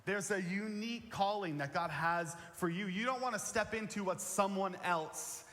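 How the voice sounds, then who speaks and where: Pastor, man, slightly high voice, conversational sermon with repeated key lines, long church reverb. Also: normal speed, a bit bright. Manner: earnest, plain-spoken, repeats key phrases. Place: church sanctuary.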